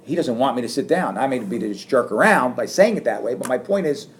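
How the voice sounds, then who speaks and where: A middle-aged man giving a classroom lecture, animated and acting out sarcastic lines as examples. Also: medium pitch, fast talker, few pauses. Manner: animated, acts out sarcastic quotes. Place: lecture room.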